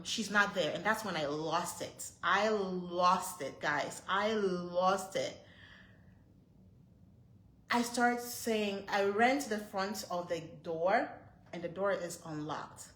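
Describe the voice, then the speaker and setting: A woman's voice: mid-range voice, animated, moderate pace, fairly bright tone, roomy sound, poor audio. A woman in her thirties, a mother vlogging to her viewers, retelling a frightening moment in a tense, breathless way with lots of repeated phrases. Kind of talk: storytelling to camera.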